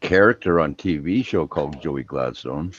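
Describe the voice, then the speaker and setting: A man from Canada trades blunt, profane comebacks in a loose chat. His voice is very low and a bit husky. It rises and falls widely as he reacts. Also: lively intonation, moderate pace, no room sound, lo-fi sound. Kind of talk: casual chat.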